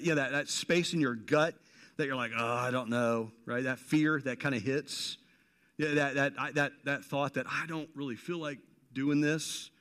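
A man's voice: on the high side, fairly bright tone, long reverb tail. A man preaching a sermon in a conversational way, repeating phrases for emphasis and dropping in casual slang. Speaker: pastor.

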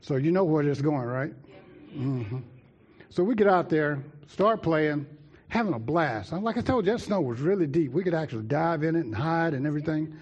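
Preacher, male, slightly high voice, lively sermon storytelling, dull lo-fi recording. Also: moderate pace, slightly rough. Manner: lively, talks to the congregation directly.

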